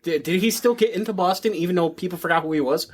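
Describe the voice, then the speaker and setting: A man's voice: sits high, quick pace, husky. A man co-hosting a podcast in casual chat, firing off wry, teasing questions. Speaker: podcast co-host.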